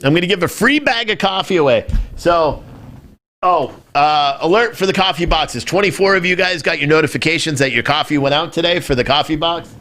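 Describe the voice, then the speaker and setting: A man's voice: fairly high pitch, fairly quick, fairly bright tone. A man hosting a live-streamed political talk show, ranting in a loose, profane way and breaking into mocking impressions.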